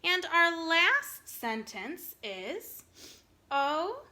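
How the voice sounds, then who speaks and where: A woman teaching a recorded phonics lesson to kindergartners, speaking slowly and clearly in an encouraging way. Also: sits high, sharp tone. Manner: slow, clear, encouraging teacher talk to young children.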